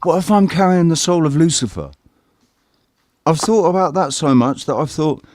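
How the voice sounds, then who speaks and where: A man's voice: on the high side, expressive, moderate pace, a little mellow, dry recording, clean studio sound. A man in casual live panel chat, rambling and self-questioning with lots of swearing. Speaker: livestream panelist.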